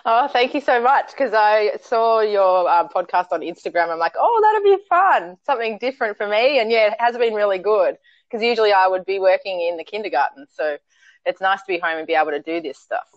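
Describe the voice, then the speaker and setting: A woman's voice: medium pitch, a little fast, no echo, highs cut off. A woman who works in a kindergarten, speaking as a podcast guest in a friendly, giggly way. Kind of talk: casual chat.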